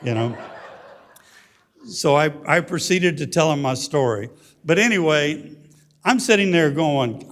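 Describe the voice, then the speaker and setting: A man's voice: on the high side, expressive, measured pace, pauses often, a bit bright. A man in his sixties with a Texan accent, telling a personal story as a guest speaker at a luncheon, in a folksy way with frequent "okay?" and "you know?". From Texas. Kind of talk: storytelling speech. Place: luncheon hall.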